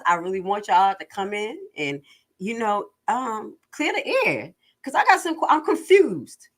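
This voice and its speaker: A woman giving casual livestream commentary in an animated, joking and sassy way. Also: medium pitch. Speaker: online commentator.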